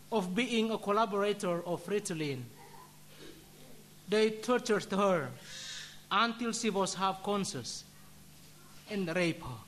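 A religious brother with a high-sitting, slightly bright male voice delivers a solemn sermon, telling a story before ending in prayer. His delivery is measured and deliberate.

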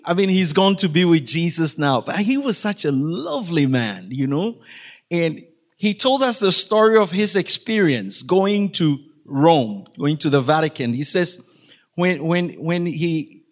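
A middle-aged man giving a humorous faith talk to a school audience, chatty and laughing, often asking the listeners questions. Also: fairly high pitch. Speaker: guest speaker.

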